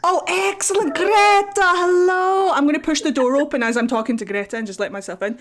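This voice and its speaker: A sly, cheerful fantasy rogue, played by a woman in a tabletop game, gushing with overdone friendliness. The voice sits high and bright in pitch. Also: rapid-fire, a crowd in the background, lightly acted. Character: cheerful smooth-talking rogue from a fantasy land.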